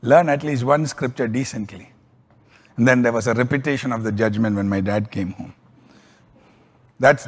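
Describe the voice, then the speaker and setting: A man preaching a sermon as a pastor, telling stories with lively swings in pitch and volume. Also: in a large hall.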